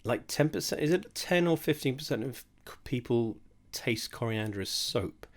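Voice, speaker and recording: A man's voice: mid-range voice, expressive, normal speed. A young man rambling and swearing through a casual drinks tasting while drunk, mocking himself as he goes. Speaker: host of a drinks tasting video. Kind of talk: casual tipsy tasting monologue.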